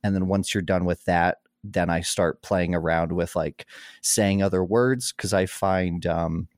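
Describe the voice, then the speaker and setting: A man, game master of an actual-play podcast, chatting casually over a call with a rambling, relaxed manner. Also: sits low, a little slow, no room sound, studio quality. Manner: rambling, relaxed, with frequent fillers and laughs. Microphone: remote call microphone.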